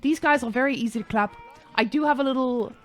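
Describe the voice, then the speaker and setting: A woman's voice: sits high, fast talker, soft background music, close to an everyday voice. Woman doing a cocky gamer persona. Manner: boastful, taunting, first-person bragging. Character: cocky trash-talking male gamer persona.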